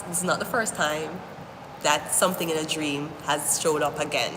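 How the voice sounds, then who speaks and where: A woman giving a live-stream tarot reading, talking straight to the viewer in an animated, rambling way, often cursing. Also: low voice, normal speed. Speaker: tarot reader. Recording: echoey room with long reverb, faint hiss.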